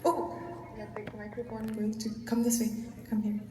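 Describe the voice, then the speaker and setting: A Scottish woman tells rambling stories to a convention crowd, breaking into laughter again and again. Her voice carries through a big hall with a long reverb tail and reaches the mic from a distance. Steady noise sits under everything. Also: medium pitch, brisk. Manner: chatty, rambling, laughs often. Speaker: actor as panel guest. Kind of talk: convention panel storytelling. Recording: echoey hall from far off. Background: hall ambience and noise.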